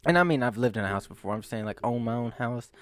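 A man's voice: mid-range voice, lively intonation, quick pace, fairly bright tone. Rambling self-mocking young man. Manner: rambling, self-mocking, laughs and sighs often. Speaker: vlogger. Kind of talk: rambling casual monologue to camera.

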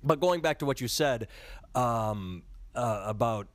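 A man's voice: medium pitch, lively intonation, measured pace, dry recording. A man in his thirties hosting a podcast, rambling casually with profanity and self-mocking jokes. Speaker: podcast host. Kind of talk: casual political chat. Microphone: handheld recorder.

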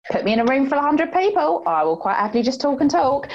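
A woman's voice: sits high, animated, quick pace, darkish tone, muffled recording. A woman with a Cockney English accent talking openly and reflectively as an interview guest, with many fillers. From England. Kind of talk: candid conversational interview.

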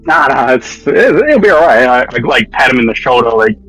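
A man, playing a tabletop game in character, halting and slangy. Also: mid-range voice, expressive, fairly bright tone, soft background music, rough recording. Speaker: player. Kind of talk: tabletop role-play in character.

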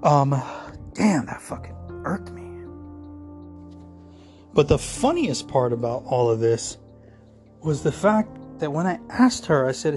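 A man's voice: a little high, a little mellow. Profane, sarcastic man ranting. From United States. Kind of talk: casual ranting monologue.

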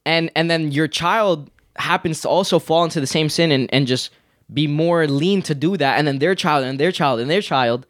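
Upbeat guy on a faith podcast, kinda high voice, super dry close mic, playful hype. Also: normal speed, no echo. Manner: upbeat, hyped, playful banter. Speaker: podcast co-host. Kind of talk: casual faith podcast chat.

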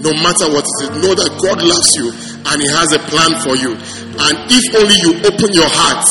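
A man's voice: fairly high pitch, music in the background. Earnest man giving a church testimony. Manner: earnest and halting, rising to fervent. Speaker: pastor and missionary giving a testimony. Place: large church hall. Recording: echoey church hall with long reverb.

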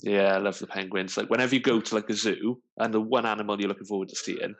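A man's voice: lowish voice, steady tone, quick pace, fairly bright tone. A man co-hosting a podcast in casual chat, easygoing and full of fillers. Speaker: podcast co-host.

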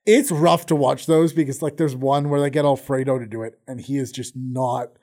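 A man's voice: medium pitch, steady tone, normal speed, warm tone. A young man co-hosting a podcast in casual chat, profane and loose, often trailing off and restarting his sentences. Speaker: podcast co-host.

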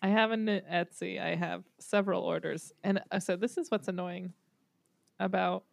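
A woman chatting casually on a podcast, throwing in quick asides. Her voice has a gravelly creak, and the sound is dry and close to the mic. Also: fairly low pitch, fairly even intonation, dry recording. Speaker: podcast co-host. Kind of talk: casual chat.

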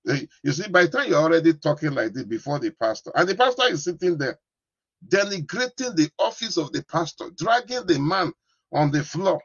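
A man's voice: on the high side, lively intonation, brisk, a bit bright, slightly rough, dry recording, lo-fi sound. A man preaching a sermon as a pastor, repeating himself and often asking the congregation if they understand. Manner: repetitive, keeps asking "you understand?".

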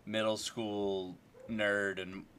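A man's voice: fairly low pitch, flat delivery, drawn-out words, fairly bright tone, a little hiss or hum. A young man chatting casually about a movie, rambling with lots of fillers and restarts.

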